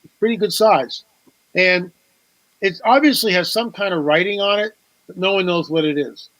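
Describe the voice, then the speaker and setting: A man's voice: high-pitched, moderate pace, a bit bright, no echo, low-quality recording. A man, a guest author on a talk show, telling a story with animation, repeating words and acting out quoted dialogue.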